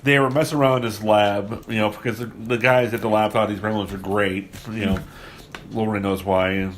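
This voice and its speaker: A man's voice: fairly low pitch, steady tone, moderate pace, a little hiss or hum. A man hosting a casual movie podcast, rambling with many fillers and restarts, recorded at someone's home. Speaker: podcast host. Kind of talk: casual movie review chat. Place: guests' home, remote location.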